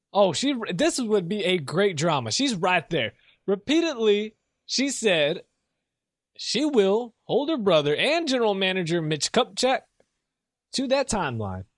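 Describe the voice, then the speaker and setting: Lively high-voiced man hosting sports talk. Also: no room sound, studio quality. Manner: casual, rambling, self-mocking, laughs often. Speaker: sports podcast host. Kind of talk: solo sports talk and rants.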